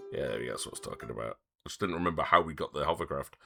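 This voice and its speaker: A man's voice: very deep voice, racing, gravelly, few pauses, bright, forceful tone, soft background music. A man streaming a first playthrough of a game, chatting casually and joking with playful wordplay.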